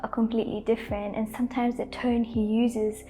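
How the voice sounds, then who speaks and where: A young woman talks softly and casually, with a mellow, somewhat high voice. She laughs easily and often says "like" as she gives gentle advice. Faint music plays behind her. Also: little pitch movement, fairly quick. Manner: gentle, soft-spoken, laughs often, uses "like" a lot. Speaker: lifestyle vlogger. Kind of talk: casual advice talk to camera.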